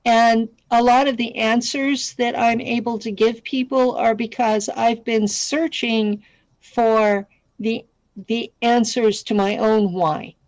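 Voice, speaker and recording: A woman hosting an online radio talk show, speaking earnestly and halting with restarts. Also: on the high side, fairly even intonation, darkish tone, no echo, low-quality recording.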